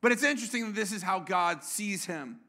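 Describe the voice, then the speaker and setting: Male pastor, high bright voice, playful preaching that draws the congregation in. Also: animated, fairly quick. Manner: playful, engages congregation with questions. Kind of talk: sermon. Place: church.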